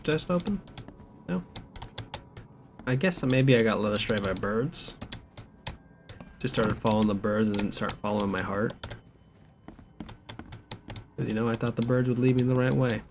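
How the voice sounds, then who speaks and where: Joking gravelly young gamer. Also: male voice, on the low side, fairly even intonation, moderate pace, pauses often. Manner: joking, reads game notes aloud, rambling. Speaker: streamer. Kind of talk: casual let's-play commentary. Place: home streaming setup. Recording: background noise with keyboard typing.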